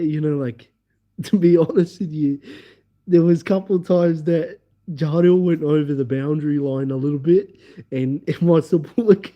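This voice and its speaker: A man telling a long story on a livestream, rambling and restarting his phrases as he goes. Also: on the high side. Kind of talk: casual storytelling. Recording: dull lo-fi audio.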